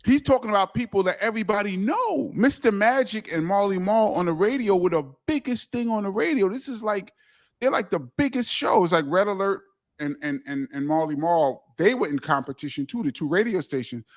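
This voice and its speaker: A man's voice: sits high, fairly quick. A middle-aged man, a guest telling stories in a casual interview and acting out the dialogue. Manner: animated, acts out quoted dialogue. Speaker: guest, DJ and author.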